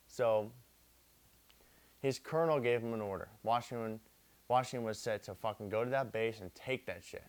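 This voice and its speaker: A young man retelling history drunk, rambling and repeating himself, swearing constantly and using street slang. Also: mid-range voice. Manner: profane, repetitive, street slang. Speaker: drunk storyteller.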